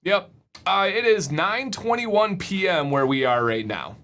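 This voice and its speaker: A man's voice: sits high, animated, unhurried, fairly bright tone, slight background noise. A young man hosting a casual livestream, upbeat, often repeating words as he reads the chat. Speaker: livestream host.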